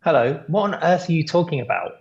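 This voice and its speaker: A man's voice: fairly high pitch, lively intonation, fast, gravelly, a little mellow, muffled recording. A British man who is a guest on a podcast, telling long anecdotes in a rambling way with plenty of fillers. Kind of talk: casual podcast chat.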